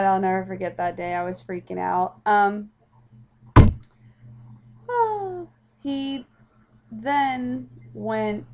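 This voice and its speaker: A woman's voice: medium pitch, a little mellow, slight background noise. A young woman telling a personal story in a casual, rambling way, with many fillers and restarts.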